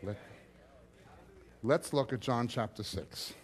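A man's voice: high voice, animated, normal speed, fairly bright tone. A man giving an expository Bible teaching, reading scripture aloud and explaining it with emphatic stress that rises and drops sharply.

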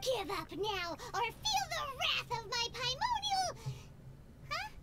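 A woman voicing a tiny, chirpy fairy companion in a video game, with a bouncy, squeaky voice. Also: sing-song, takes it slowly, very noisy, heavily acted. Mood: bossy. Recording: game audio under loud music.

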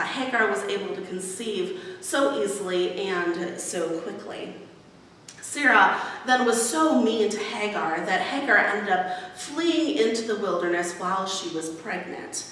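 A woman pastor giving a conversational sermon, pausing often with fillers. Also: mid-range voice, sharp tone, a little hiss or hum. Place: church sanctuary. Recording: echoey hall, far from mic.

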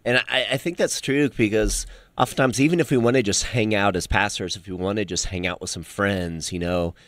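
A man who hosts the podcast and is a pastor, speaking in an easygoing casual way, filling pauses with "you know". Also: on the low side, a bit bright, no echo. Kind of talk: casual conversation.

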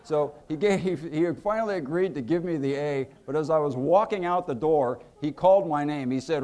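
A man's voice: medium pitch, a little fast, hardly any pauses. A middle-aged man, an author giving a book talk, telling humorous anecdotes with many fillers and acted-out quotes. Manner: lively storyteller, acts out quotes, many fillers.

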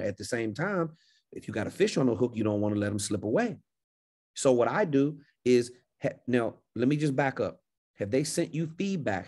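A man's voice: medium pitch, a little mellow. A man coaching a caller on a livestream Q&A, confident and emphatic, often repeating phrases. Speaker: speaking business coach.

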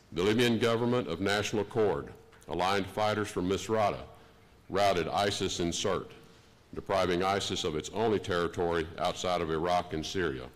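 A man in his sixties with a Texan accent giving a formal prepared speech at a conference, measured and deliberate. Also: deep voice. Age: 60s. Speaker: diplomat giving an opening address. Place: conference hall.

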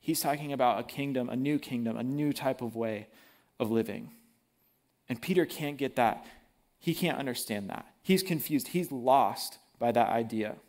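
A man preaching a sermon in a casual, animated way, using everyday slang. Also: mid-range voice, normal speed.

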